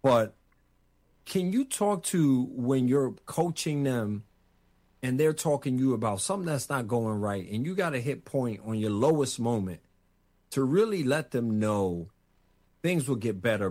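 A man interviewing a guest, asking long, measured, probing questions. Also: medium pitch, a little mellow.

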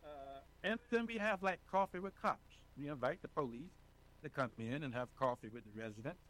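Animated man, emphatic community advocate. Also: a little high, brisk, low-quality recording. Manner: animated, emphatic, often checks in with "okay?". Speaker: senior residents' advocate, guest. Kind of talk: casual interview talk.

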